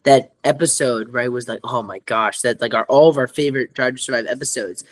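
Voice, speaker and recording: A man's voice: medium pitch, fairly quick, no echo. A man co-hosting a podcast in casual chat, rambling with lots of fillers and restarts. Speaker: podcast co-host.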